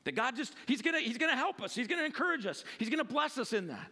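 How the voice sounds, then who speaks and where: A man's voice: very high voice, big pitch swings, quick pace, bright, forceful tone, slightly rough. A male pastor preaching a sermon and reading scripture in a casual, conversational way, with frequent fillers.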